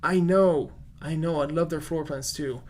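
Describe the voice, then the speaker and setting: A man's voice: on the high side, unhurried. A man with a non-native English accent, a real estate agent hosting a casual live-stream Q&A, chatty and full of fillers as he answers viewer comments.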